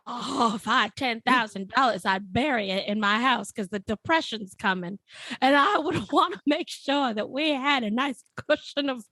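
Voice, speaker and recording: A woman's voice: fairly high pitch, sharp tone, no echo. A woman putting on the voice of a folksy, rambling 1920s male ice cream truck driver with an old-timey drawl. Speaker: podcast co-host.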